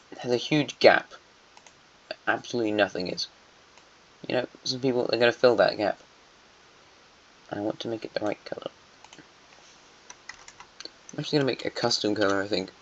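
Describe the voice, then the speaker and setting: A man narrating an alternate-history map in a casual, meandering way, musing aloud and correcting himself as he goes. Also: fairly low pitch. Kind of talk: casual rambling commentary. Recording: dull lo-fi mic.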